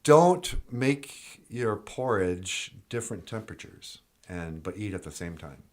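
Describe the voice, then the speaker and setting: A man's voice: on the low side, lively intonation, a little slow. A man co-hosting a podcast in a teasing, dry, casual chat. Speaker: podcast co-host.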